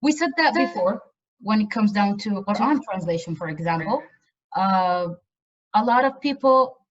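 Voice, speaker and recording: Woman lecturer, earnest and emphatic, mid pitch, muffled video-call audio. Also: lively intonation, normal speed. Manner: earnest, emphatic with frequent repetitions. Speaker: university lecturer. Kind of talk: online lecture.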